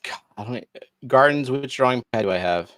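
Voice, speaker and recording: A man's voice: mid-range voice, lively intonation, fairly quick, a bit bright, no echo, studio quality. A man hosting a casual livestream hangout, talking in an offhand, loose way with some swearing. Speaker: livestream host.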